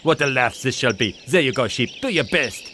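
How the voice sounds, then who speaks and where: A man's voice: medium pitch, animated, a little fast, background noise, natural voice. A man voicing a pompous, snooty male pelican musician who speaks haughtily, with music behind. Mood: scornful. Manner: haughty, scornful.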